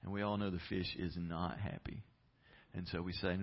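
A man's voice: deep voice, flat delivery, moderate pace. Dull-sounding storytelling preacher man. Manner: storytelling preacher, rising to passionate emphasis. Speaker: pastor. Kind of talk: sermon.

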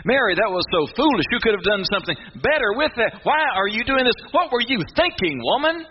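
A preacher doing high, shrill, nagging scolders; muffled, hissy recording. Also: male voice, brisk, long reverb tail. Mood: scolding. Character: indignant disciples scolding a woman, shrill. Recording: muffled with steady hiss.

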